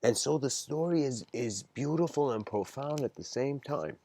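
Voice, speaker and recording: A man's voice: mid-range voice, animated, normal speed, dark tone. A man giving a casual livestreamed lecture, meandering and hesitant with slangy phrasing.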